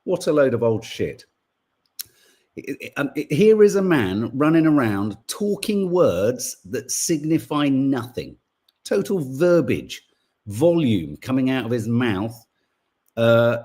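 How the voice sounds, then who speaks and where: A middle-aged man co-hosting a podcast, talking in a casual, rambling monologue. His voice is husky, and his pitch swings widely as he turns sarcastic and exasperated. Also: big pitch swings, a little slow, dark tone. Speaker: podcast co-host.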